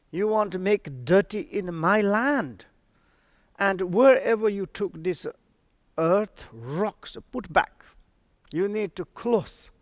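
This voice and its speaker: Guy doing a harsh old master, scolding, slow and dry. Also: high-pitched, dry recording. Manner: scolding, abrupt. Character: stern, harsh old male spiritual master.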